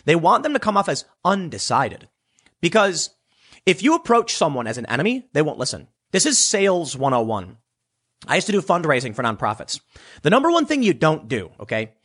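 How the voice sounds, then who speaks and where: A man talks through political commentary in a casual, animated way. His voice is husky and sits a little high, and his pitch swings widely as he jumps into mocking voices. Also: brisk. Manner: animated, mocks others with put-on voices.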